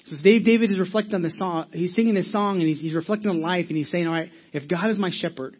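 A man's voice: high-pitched, fast, lo-fi sound. A male pastor preaching a sermon in a conversational way, telling stories with lots of restarts. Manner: conversational, animated storytelling with frequent restarts.

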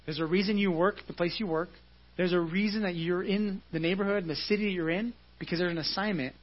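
High-voiced, husky man preaching. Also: fairly even intonation, fast talker, dull audio. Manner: explains scripture casually, often asks "right?". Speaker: pastor. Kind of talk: conversational sermon. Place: church service.

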